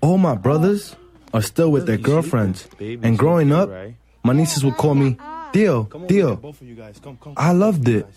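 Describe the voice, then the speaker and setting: A young man narrating his own story in a quiet, plain, reflective way. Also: on the high side, expressive, a little slow, a crowd in the background. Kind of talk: scripted documentary narration.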